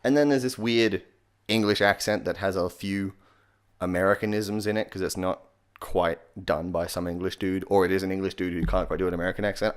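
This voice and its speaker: A man with an Australian accent giving a joking voice tutorial in a deadpan, sarcastic way, swearing casually. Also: low-pitched, fairly quick, clear, resonant tone. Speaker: comedy YouTuber.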